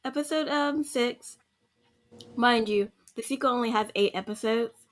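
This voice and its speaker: Animated, chatty woman, slightly high voice. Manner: animated, mimics characters in quick asides, laughs often. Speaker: podcast co-host recapping a story game. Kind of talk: casual chat.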